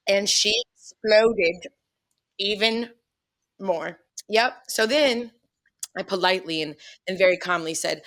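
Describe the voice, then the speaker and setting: A podcast co-host with a fairly low voice speaks at a moderate pace while telling a personal story in casual conversation. She is blunt and animated, laughs often and swears a lot.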